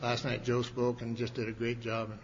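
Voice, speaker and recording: A man's voice: mid-range voice, completely flat delivery, moderate pace, heavy background noise. A man telling his story at a recovery meeting, folksy and joking, with lots of restarts. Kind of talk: speech to a large audience. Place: large meeting hall with audience. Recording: dull hall recording with long reverb.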